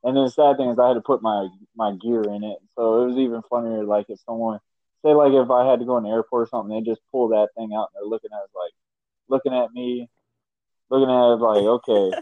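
A man hosts a podcast in an easygoing, chuckling manner, often repeating a word as he gets going. His voice is mid-pitched and recorded close and dry. The sound is muffled and lo-fi. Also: fairly even intonation, quick pace, no room sound. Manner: laid-back, chuckling, repeats words. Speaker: podcast host. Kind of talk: casual chat. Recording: dull dry lo-fi mic.

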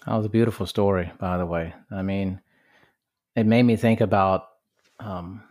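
Relaxed male podcast host. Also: deep voice, moderate pace. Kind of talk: casual chat.

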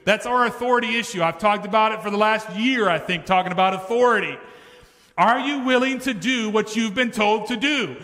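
A pastor preaching in a church sanctuary, his high, bright voice ringing through a long hall reverb. He talks to the room in a conversational way and pushes his points with rising emphasis. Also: brisk. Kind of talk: sermon.

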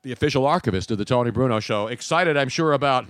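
A man's voice: mid-range voice, quick pace, fairly bright tone, no echo. A male talk radio host who trades jokes with his co-hosts and takes calls. His voice sits in the middle range and sounds close and dry, with no room around it. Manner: chatty, joking banter with co-hosts. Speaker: radio sports show host. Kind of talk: casual sports talk.

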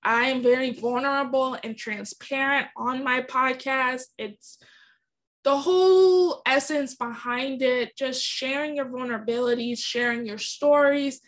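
A woman's voice: sits high, steady tone, unhurried, a bit bright. A young adult woman hosting a podcast, telling a personal story in an earnest, emotional and candid way. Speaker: podcast host.

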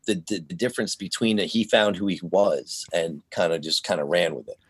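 A man who works in voiceover, a guest on a remote call, telling stories in an animated way and slipping into voices. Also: low-pitched, fairly quick, breathy edge, no room sound. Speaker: voiceover artist, interview guest. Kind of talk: casual interview chat. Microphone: remote call connection.

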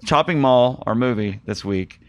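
A man hosting a podcast in a relaxed, casual chat, his voice sitting in the middle of the male range. He laughs often and wanders through restarts as he talks. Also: mid-range voice, moderate pace. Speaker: podcast host.

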